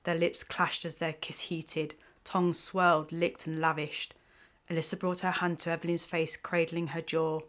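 A woman reading a romance story aloud in an even, measured way. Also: deep voice. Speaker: host and story narrator. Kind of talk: scripted story narration.

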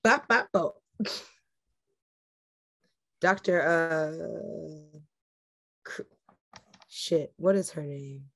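Giggly low-voiced woman, slow talker. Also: vocal fry, a bit bright. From New York. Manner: giggly, easygoing, laughs often. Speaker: podcast co-host. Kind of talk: casual TV recap chat.

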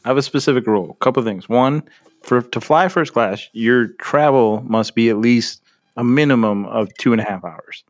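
Podcast cohost guy, kinda halting, repeats himself while he thinks. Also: medium pitch. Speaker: podcast co-host. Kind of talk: casual podcast chat.

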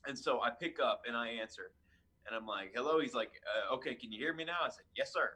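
A man's voice: mid-range voice, fast, breathy edge. A man, a youth minister, casually telling a story with lots of fillers and restarts. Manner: chatty, animated retelling with fillers and restarts.

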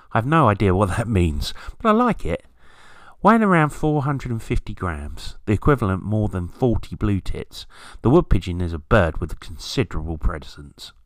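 Here a British man whose pitch is fairly low hosts a scripted garden-bird podcast, and there's no room sound. His narration has a wry, storytelling feel with playful side remarks.

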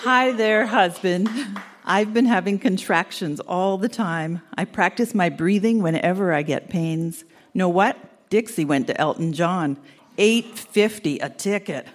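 A woman's voice: fairly low pitch, a little slow, some chatter behind. An older woman reading her old letters aloud to an audience, sweet and earnest with a teasing edge.

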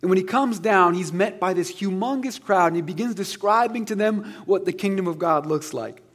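A pastor delivers his sermon in a high, somewhat husky voice. He speaks earnestly and conversationally and slips in humor. His tone stays personal. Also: moderate pace, a bit bright.

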